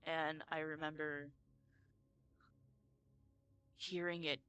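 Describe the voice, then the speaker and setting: A man earnestly telling a personal spooky story, often halting and repeating words. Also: on the high side, flat delivery, pushed and bright, smooth.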